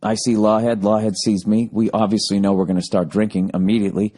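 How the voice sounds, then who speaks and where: A man's voice: fairly low pitch, level tone, quick pace, mellow. A man hosting a podcast, telling a story in a casual monologue, ranting and swearing freely. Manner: profane, ranting. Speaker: podcast host.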